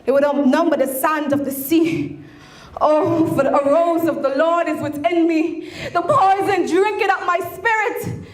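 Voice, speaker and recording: A woman performing an impassioned spoken word poem, at times shouting and lilting into a sing-song delivery. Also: very high-pitched, measured pace. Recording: echoey room with faint ambient noise.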